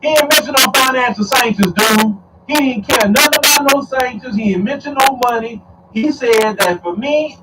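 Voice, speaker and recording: A man giving casual political commentary to his viewers, talking in an animated way, repeating words and calling them y'all. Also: very high voice, fairly quick, far from the mic, heavy background noise. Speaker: commentary streamer.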